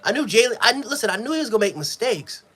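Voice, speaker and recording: A man giving a live sports reaction, frustrated and profane, swinging between yelling and low muttering. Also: big pitch swings, quick pace. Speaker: sports fan streamer.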